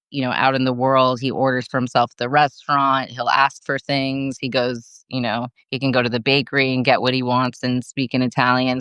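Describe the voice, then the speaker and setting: Chatty Californian woman, smooth and dry. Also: rumbling low, fairly bright tone, no echo. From Los Angeles area, USA. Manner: chatty, upbeat, fills gaps with "like" and "um". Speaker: co-host of a live video Q&A. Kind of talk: casual chat answering viewer questions.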